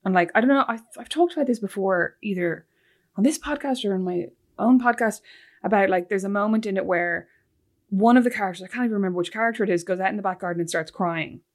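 A woman, co-hosting a podcast, chatting casually and telling animated stories. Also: medium pitch, fast. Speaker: podcast co-host. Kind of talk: casual chat.

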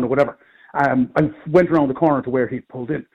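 A middle-aged Irish man, a comedian, telling rambling, animated anecdotes in casual chat. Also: a little high, rapid-fire, slightly rough, dull audio. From Ireland. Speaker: comedian guest. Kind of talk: casual storytelling.

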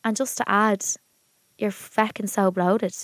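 A woman's voice: mid-range voice, steady tone, measured pace, dry recording. A young Irish woman co-hosting a podcast, telling blunt, chatty stories in casual talk. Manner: chatty, laughing, blunt storyteller. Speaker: podcast co-host. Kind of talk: casual chat.

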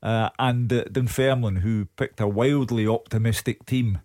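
A man's voice: mid-range voice, steady tone, normal speed, a little mellow, dry recording. A man giving blunt, emphatic opinions as a football pundit in a radio studio.

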